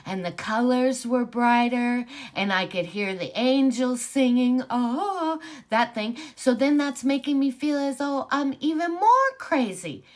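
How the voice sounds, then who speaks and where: A woman in her sixties casually telling her own spiritual story, rambling with many fillers and growing animated at times. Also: high voice, measured pace. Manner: rambling, filler-heavy, animated when excited.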